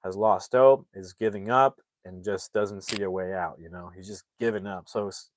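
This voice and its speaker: A man's voice: low-pitched, normal speed, a little hiss or hum. A young man casually retelling a film's plot as a reviewer, rambling and acting out the characters' lines as he goes. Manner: rambling, animated retelling with acted-out quotes. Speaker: movie reviewer.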